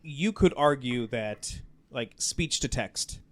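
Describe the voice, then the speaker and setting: A man's voice: medium pitch, lively intonation, takes it slowly. A man hosting a podcast in casual chat, rambling with lots of fillers. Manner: rambling, lots of "like" and "you know". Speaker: podcast host.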